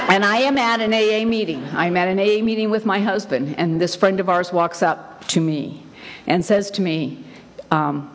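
A woman's voice: mid-range voice, a little hiss or hum. A middle-aged woman telling her story at a recovery meeting in a frank, rambling way, full of fillers and the odd swear word. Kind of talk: candid personal storytelling. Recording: long hall reverb.

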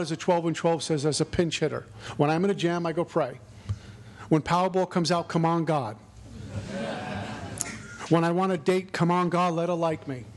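Earnest high-voiced man giving a recovery talk. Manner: earnest, reflective, preacherly. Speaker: recovery speaker.

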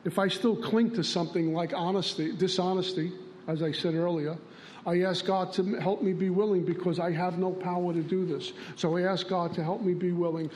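High-voiced man telling recovery stories. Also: fairly even intonation, moderate pace, a little mellow, a little hiss or hum. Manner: storytelling, plainspoken, acts out dialogue. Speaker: recovery meeting speaker. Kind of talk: recovery share.

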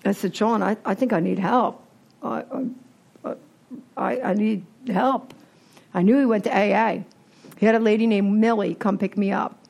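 A woman's voice: mid-range voice, gravelly, slightly rough. A woman telling her recovery story candidly, acting out what people said. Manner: candid, animated storytelling with acted-out quotes. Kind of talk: recovery meeting talk.

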